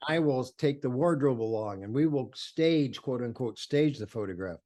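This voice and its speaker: There's slight background noise behind this older man's mellow, medium-pitched voice, which has lively intonation and normal speed. A photographer being interviewed, he tells animated stories enthusiastically, performs quoted voices, and leans on many fillers and restarts.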